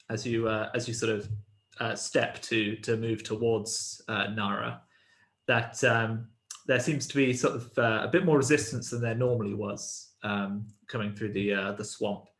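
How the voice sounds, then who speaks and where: A man running a tabletop game as game master, describing the scene in a halting way with many fillers and restarts. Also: on the low side, steady tone, a bit bright, roomy sound. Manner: hesitant, full of ums and restarts.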